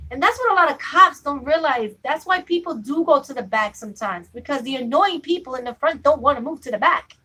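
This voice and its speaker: A woman's voice: sits high, lively intonation, moderate pace, bright, forceful tone, rough recording. A young adult woman chatting casually with viewers on a live stream, full of fillers and asides. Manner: chatty, fillers like "you know what I'm saying".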